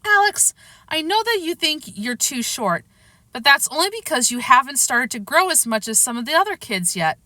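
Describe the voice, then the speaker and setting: A woman's voice: high-pitched, very animated, moderate pace, bright, forceful tone, no room sound, voice pushed up, exaggerated voice. Woman doing a patient, soothing mom. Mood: reassuring. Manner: soothing, coaxing. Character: patient, reassuring mother of a young boy.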